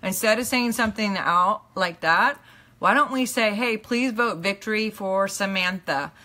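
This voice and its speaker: A woman teaching a live online class in an earnest, emphatic way, often checking in with her listeners and letting phrases drop low and soft at the end. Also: unhurried. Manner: earnest, emphatic, repeats "okay?" to the audience. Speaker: teacher and minister. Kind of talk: live-streamed motivational teaching.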